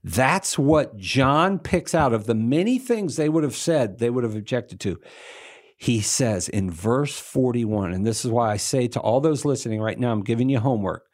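A man walks through a scripture passage like he's chatting with a friend, tossing in slangy jokes as he goes. He jumps into quoted voices with real energy, then drops back to his easygoing teaching tone. His voice sits at an ordinary middle pitch. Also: normal speed. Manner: animated, acts out the crowd and Jesus in quoted voices; playful, slangy asides. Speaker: Bible teacher on a broadcast. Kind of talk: casual Bible teaching.

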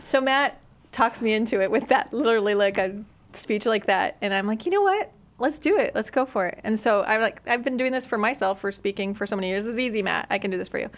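A middle-aged woman guest telling stories in a casual studio chat, animated and full of fillers. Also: mid-range voice, fast talker. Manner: chatty, animated storyteller with many fillers.

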